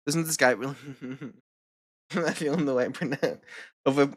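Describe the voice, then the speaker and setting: A woman's voice: a bass voice, measured pace, long pauses, no echo, studio quality. A woman streamer chatting casually while reacting to videos, swearing a lot, laughing and repeating words over and over.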